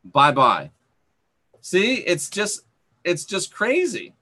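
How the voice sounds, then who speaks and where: A man hosting a live chat stream, sarcastic and scolding, who reads out comments and bans rude viewers. His voice sits a bit high and comes across bright and forceful. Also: measured pace. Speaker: channel host.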